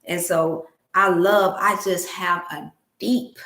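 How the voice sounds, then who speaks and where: A woman's voice: on the low side, steady tone, takes it slowly, a bit bright. Heartfelt woman host with Black dialect. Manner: emotional, preachy, speaks to viewers as family. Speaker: wellness livestream host. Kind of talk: casual livestream talk to viewers. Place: home room. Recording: roomy echo.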